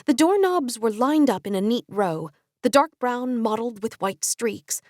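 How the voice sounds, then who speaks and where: Woman reading an audiobook, lively up-and-down voice, dry close mic. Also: on the high side, a little slow, dry recording. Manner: expressive first-person storytelling. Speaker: audiobook narrator. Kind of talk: scripted audiobook narration.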